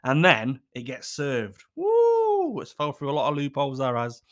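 A man in his thirties hosting a relaxed solo podcast. He talks in a cheeky, sweary, chatty way and often laughs at his own jokes. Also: medium pitch, brisk. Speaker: podcast host. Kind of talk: casual solo podcast chat. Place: at home in his kitchen.

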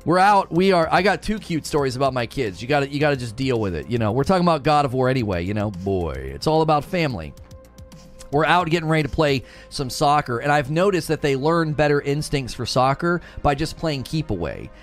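A man in his thirties casually telling stories to his stream, animated and self-mocking, laughing often. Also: medium pitch, fairly quick, faint music behind. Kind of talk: casual storytelling to a live stream.

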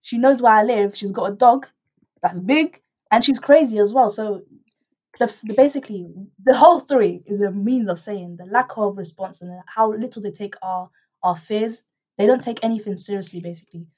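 A young woman, telling a story in casual chat as a guest, animated and rambling, with many restarts and quoted dialogue. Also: medium pitch, moderate pace.

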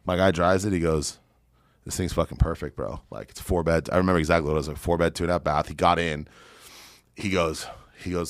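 Brash investor guest, low and gravelly-deep, talks fast and swears constantly. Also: male voice, no room sound, studio quality. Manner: brash, swearing, boastful, animated. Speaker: real estate investor guest. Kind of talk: profane storytelling on a podcast.

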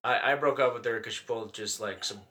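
A man, a comedian guest, telling stories on a casual podcast, animated and swearing, with a handheld mic held very close. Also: mid-range voice, fast talker, slight background noise. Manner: animated, swearing, acts out quoted voices.

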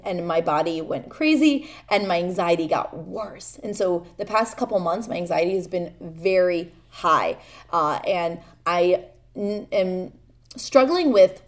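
A young woman hosting a podcast, talking candidly and haltingly about her own struggles, earnest and vulnerable, with many fillers and restarts. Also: lowish voice. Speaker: podcast host. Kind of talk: personal confessional talk.

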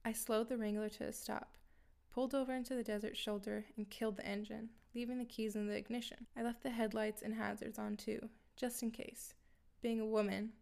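A woman's voice: on the high side, level tone, brisk, vocal fry, a little mellow. A woman telling a first-person horror story in a matter-of-fact way, with dry asides to her listeners.

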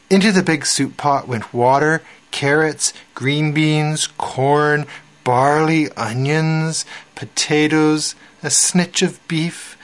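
A man reading a spooky children's story aloud on the radio, slow and expressive with dramatic pauses. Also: on the high side.

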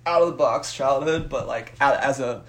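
A young man co-hosting a podcast, telling a profane story in a casual, animated way and acting out the voices in it. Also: mid-range voice, normal speed. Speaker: podcast co-host.

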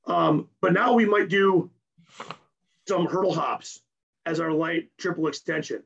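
Man, hoarse, high gravelly voice, fast technical coach talk, keeps asking "right?", dull lo-fi sound. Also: a bit bright. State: hoarse, losing his voice. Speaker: strength and conditioning coach. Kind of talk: podcast interview.

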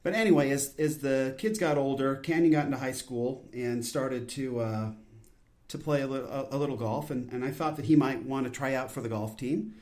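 A man's voice: medium pitch, normal speed, a little mellow. A man in his forties hosting a solo podcast, talking in an intense, earnest, rambling way with many restarts. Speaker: podcast host. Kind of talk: casual solo podcast talk.

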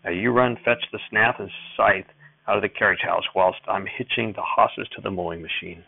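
A man's voice: fairly low pitch, normal speed, gravelly, no room sound. A man voicing a cranky old farmer grandfather who scolds and hollers in a rural drawl. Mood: gruff fussing. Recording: dry tinny phone-like sound.

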